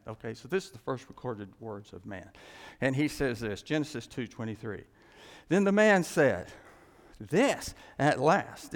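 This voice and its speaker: A man preaching a sermon, animated and excitable, with chuckles and many restarts. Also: mid-range voice, creaky. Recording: long hall reverb.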